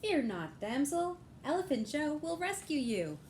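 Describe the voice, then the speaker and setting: A woman's voice: high voice, very animated, unhurried, darkish tone, slight background noise, pitched above the performer's own voice. A woman voicing a brave young elephant knight who declaims boldly in a raised voice. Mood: heroic. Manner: heroic, declaiming.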